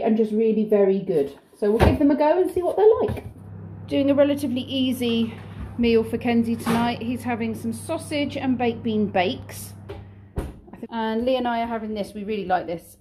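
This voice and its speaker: A woman's voice: on the high side, background noise. A middle-aged British woman talking in a coaxing, sing-song way to toddlers at home during a casual vlog, chatting about her day in between. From United Kingdom. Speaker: vlogger and childminder. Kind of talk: casual vlog chat with small children. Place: home kitchen and playroom.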